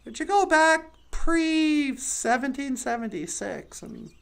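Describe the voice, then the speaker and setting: Woman comic, high and bouncy delivery, dry sarcastic storytelling with quick put-on voices. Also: expressive, gravelly. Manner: sardonic, acts out other people's voices. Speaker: comedian. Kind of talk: stand-up storytelling.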